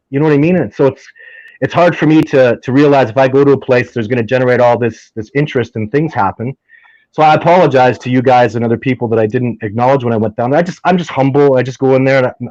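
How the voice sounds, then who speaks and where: A Canadian man, a guest in a casual chat, talking excitedly and restarting his words often. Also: mid-range voice, no echo, highs cut off.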